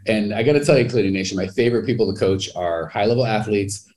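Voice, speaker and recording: A man hosting a podcast and coaching a guest, talking enthusiastically with big swings in pitch. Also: fast talker, darkish tone. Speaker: business coach and podcast host. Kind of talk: podcast interview.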